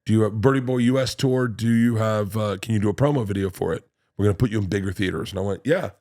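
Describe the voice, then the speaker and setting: A man's voice: lowish voice, quick pace. Comedian guy rambling through a story, acts out everybody's lines, curses a lot. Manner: animated storyteller who acts out quotes and swears freely. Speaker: comedian guest. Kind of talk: casual podcast storytelling.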